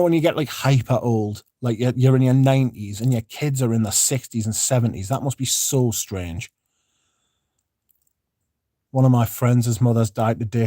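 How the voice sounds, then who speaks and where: A man's voice: medium pitch, warm tone, no echo, clean studio sound. A man hosting a casual livestream, reading out viewer comments and chatting in a rambling, laid-back way with the odd swear. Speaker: livestream host.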